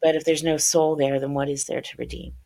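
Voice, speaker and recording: A woman's voice: sits low, little pitch movement, brisk, mellow. A woman author telling a very personal story in a podcast interview, earnest and openly religious, tearing up at times. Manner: earnest, religious, tearful at times, acts out voices in her story. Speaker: author and guest.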